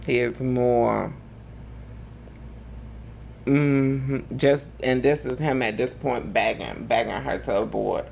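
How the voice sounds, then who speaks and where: A man's voice: medium pitch, takes it slowly, gravelly, pauses often, darkish tone, a little hiss or hum. A man hosting a live gossip commentary show, talking in a sassy, campy way full of drawled slang. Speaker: host.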